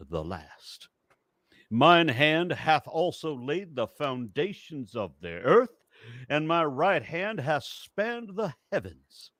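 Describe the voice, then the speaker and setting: A man putting on the voice of a Southern preacher reading scripture aloud, slow and solemn, sinking low and soft at phrase ends. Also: no room sound.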